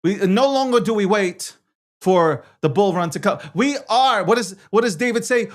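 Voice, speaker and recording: A man's voice: sits high, animated, normal speed. A man co-hosting a casual livestream about crypto and markets, boastful and joking, often stumbling and repeating his phrases. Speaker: weekly co-host of a crypto markets show.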